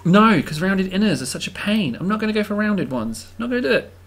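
A man's voice: sits high, sing-song, fairly quick, a little hiss or hum. A man hosting a game video, giving casual, self-amused commentary and thinking aloud as he builds.

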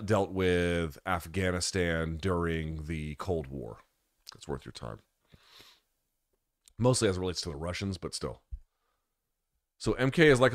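A man's voice: low voice, no echo, studio quality. A male host in a casual live-stream chat, answering viewer questions in a candid, loose way and swearing freely.

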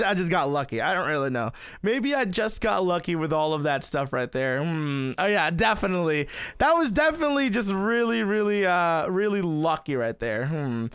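Young male gamer, high lively voice, excitable let's-play commentary, smooth and dry. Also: dry recording. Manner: excitable, exclaims and laughs often. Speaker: gaming YouTuber.

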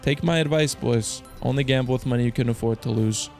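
Excitable slangy male streamer. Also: mid-range voice, fairly quick, vocal fry, faint music behind. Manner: loud outbursts, swearing, slangy banter addressing viewers. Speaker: slots streamer host. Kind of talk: excitable live commentary to viewers.

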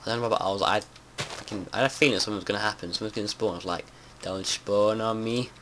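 Guy doing lets play commentary, lowish voice, swears a lot, keyboard clicks and a bit of noise from an open window. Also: racing. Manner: chatty, swears a lot, panics and yells when startled. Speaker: gameplay commentator. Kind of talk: casual let's-play commentary. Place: home room with window open. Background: faint outdoor noise and keyboard typing.

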